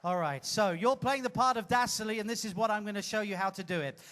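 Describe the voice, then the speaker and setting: On a ship's theater stage, a man hosts an audience-participation comedy show, teasing and bossing volunteers around through a handheld mic. His voice is high, a little fast, and a bit bright, and his manner is flamboyant and full of bossy direction.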